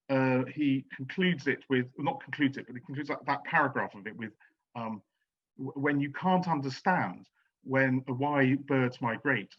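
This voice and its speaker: A man's voice: mid-range voice, dull audio. Hesitant man giving a lecture. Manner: hesitant, many ums and restarts. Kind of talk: academic lecture on poetry.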